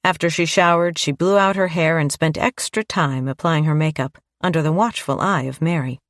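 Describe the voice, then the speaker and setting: A woman narrating an audiobook in a calm, even storytelling manner. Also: deep voice, normal speed, dry recording, studio quality. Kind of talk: scripted narration.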